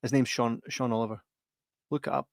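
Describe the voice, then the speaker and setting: A man's voice: medium pitch, steady tone, creaky, no echo. A man, co-hosting a podcast in sweary, jokey casual chat. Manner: sweary, banterous, quick storytelling. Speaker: podcast co-host.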